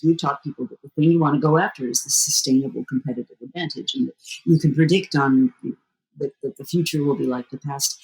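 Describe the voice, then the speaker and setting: A woman being interviewed as a strategy expert, answering fluently and at length, with lively jumps in pitch. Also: rough recording. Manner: fluent and explanatory, with sudden lively rises in pitch.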